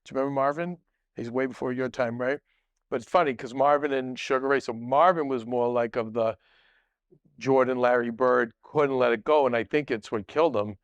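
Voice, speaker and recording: A man's voice: mid-range voice, a little fast, dry recording, highs cut off. A middle-aged man who is a guest on a podcast, telling long stories in a rambling way with many restarts and asides. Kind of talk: casual storytelling.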